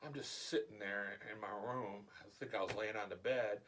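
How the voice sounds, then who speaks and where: A middle-aged man telling a story from his childhood in a casual, animated way, acting out the voices of the people in it. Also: on the low side, normal speed, a little hiss or hum. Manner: animated, acts out quoted voices. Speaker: vlogger.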